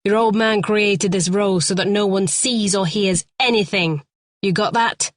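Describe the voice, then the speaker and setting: Frantic cornered young male crook, voiced by a woman narrator: shrill, swearing, dry close mic. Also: fairly even intonation, unhurried, no room sound. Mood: shrill panic. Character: panicky young male kidnapper, cornered and volatile. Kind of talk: audiobook character voice.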